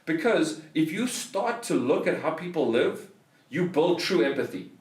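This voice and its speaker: A man's voice: a little high, lively intonation, measured pace, reverberant, distant mic. A South African man on a podcast, telling a story in a heated, swearing rant. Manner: swears a lot, heated ranting. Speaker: podcast host. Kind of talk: casual storytelling.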